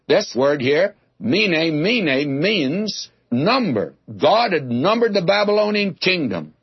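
Here a man with a fairly high, slightly rough voice teaches through a scripture passage in an expository sermon. He's folksy and chatty, sprinkling in homely jokes and referring to listeners as "my friend." The sound is dry, dull, and lo-fi.

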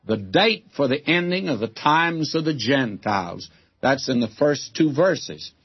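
A man's voice: medium pitch, expressive, a little slow, husky. An older man teaching the Bible in a folksy, emphatic way, calling his listeners friends, on a dull old broadcast recording.

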